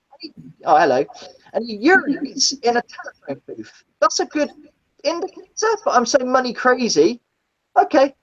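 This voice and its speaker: Over dull, lo-fi stream audio, a woman who once drove a taxi shares gritty stories as a guest in a casual live chat. Her pitch is very lively as she mimics the people in them, and she speaks bluntly, cursing without restraint.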